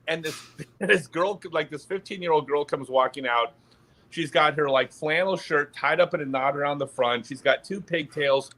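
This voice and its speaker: Laughing partway through his sentences, this male podcast guest recounts an anecdote in relaxed conversation. His voice sits fairly high and moves at a normal speed, and he tells the story with lots of animation.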